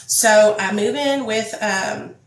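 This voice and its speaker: A woman's voice: mid-range voice, slow pace, reverberant, poor audio. A woman telling her own story to viewers in a casual, blunt, profane vlog. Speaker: vlogger.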